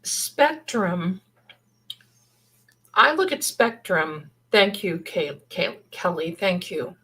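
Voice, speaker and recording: A woman's voice: fairly low pitch, very animated, takes it slowly, a bit bright, breathy edge, rough recording. A middle-aged woman hosting a livestream, chatting in a rambling, casual way and thinking aloud. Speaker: livestream host.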